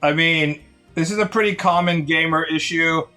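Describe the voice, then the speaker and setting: A man's voice: on the high side, normal speed, bright, forceful tone, soft background music. A man chatting casually on a live stream in a sardonic, rambling way.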